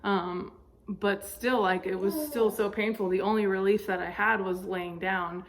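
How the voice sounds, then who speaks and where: A woman's voice: mid-range voice, steady tone, measured pace, a crowd in the background. A young woman vlogger casually telling a personal story, chatty with lots of fillers. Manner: chatty, many fillers, laughs while telling.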